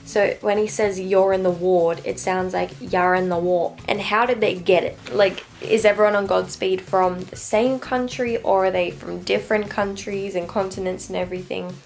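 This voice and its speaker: Woman book vlogger, just up, rambling and chatty, a bit of fry in the voice, faint music underneath. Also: mid-range voice, fairly even intonation, moderate pace, hardly any pauses. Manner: chatty and rambling, full of "like" fillers. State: just woken up. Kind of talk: casual reading update.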